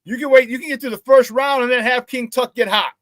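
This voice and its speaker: Sports talk guy, pretty high voice, excited and rambling, dry close mic. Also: fast, no echo. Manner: excited storytelling with many restarts. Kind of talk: casual sports talk show.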